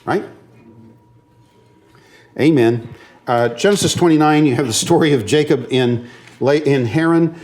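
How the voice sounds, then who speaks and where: A man with a slightly high, slightly mellow voice lectures a little slowly, leaving long pauses. As a seminary professor in a classroom, he is earnest and at times emotional on moving points, often asks if students follow, and speaks with frequent fillers and restarts.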